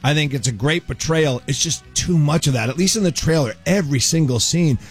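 A man hosting a talk show, chatting in a playful, animated way in a TV studio. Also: a little high, brisk, husky, faint music behind. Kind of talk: casual studio chat.

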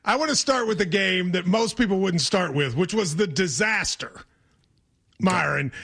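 Man, sports host, from Kentucky, wry casual chat, high voice. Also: vocal fry, bright, forceful tone, husky. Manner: chatty, joking, wry.

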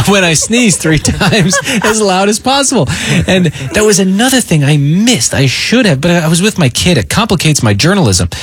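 A man's voice: high-pitched, normal speed, breathy edge. A man hosting a morning radio show, chatting casually and telling stories with lots of laughter. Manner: animated, laughing, storytelling.

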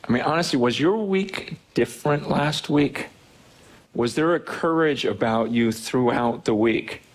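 A pastor preaching to his church, earnest and animated, often repeating words as he builds. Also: mid-range voice, a little slow. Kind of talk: sermon. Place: church hall.

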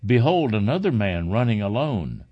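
A man's voice: lowish voice, sing-song, normal speed, dull audio, pitched above the performer's own voice. A man reading an alert gate watchman.

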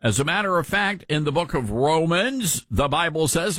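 A man's voice: fairly high pitch, expressive, normal speed, few pauses, fairly bright tone, no echo. A man hosting an opinion commentary show, indignant and preacherly, quoting scripture.

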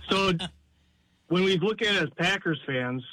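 A male caller on a sports talk show, rambling through a wry analogy full of asides. His voice sits a little high. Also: expressive, normal speed, bright, forceful tone, no echo, low-quality recording. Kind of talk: casual call-in chat.

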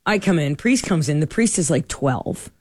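Middle-aged woman host telling a story, animated, does all the quotes, dry close sound. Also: low-pitched, normal speed, slightly rough, dry recording. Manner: animated, acts out quoted dialogue. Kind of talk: casual storytelling chat.

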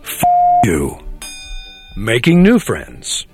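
A man's voice: on the low side, wildly swooping pitch, drawn-out words, heavily acted. An actor in a parody ad sketch playing a stiff, overly polite man who copies street slang in a prim, formal way. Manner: prim and formal, then copying lines. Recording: music bed behind voice.

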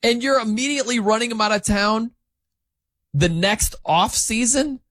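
A man's voice: high voice, moderate pace, a bit bright, dry recording, clean studio sound. A man hosting sports talk, giving opinionated, emphatic commentary that rambles with restarts.

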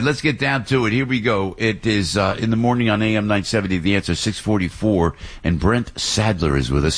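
Husky lowish guy hosting morning radio, rambly and excitable. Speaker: radio talk show host. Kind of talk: casual radio talk and live ad read. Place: radio studio.

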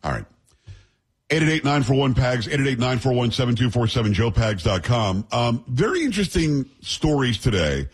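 A man's voice: medium pitch, sing-song, normal speed, breathy edge. A middle-aged man hosting a radio talk show, chatting and joking casually with his sidekick. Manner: chatty, jokey banter with sidekick.

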